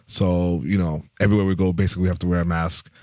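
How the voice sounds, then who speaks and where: A man's voice: low-pitched, level tone, fast, dark tone, no echo, clean studio sound. A man co-hosting a podcast in laid-back casual chat, with short interjections. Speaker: podcast co-host.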